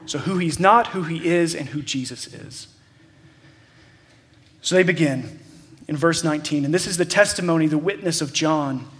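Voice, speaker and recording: Man preaching in a conversational way. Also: on the high side. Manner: conversational preaching with frequent fillers and restarts. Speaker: pastor. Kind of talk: sermon.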